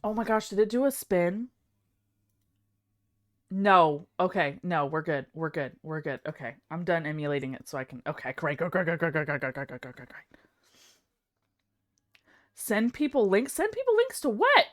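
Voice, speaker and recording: A young woman live streamer chatting casually, excitable and self-deprecating. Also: low voice, normal speed.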